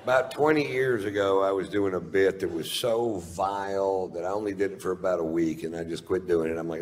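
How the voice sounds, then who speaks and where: A man's voice: low voice, fairly quick, hardly any pauses. A man doing stand-up storytelling on stage, laid-back and profane. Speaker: stand-up comedian. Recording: reverberant live hall, faint hiss.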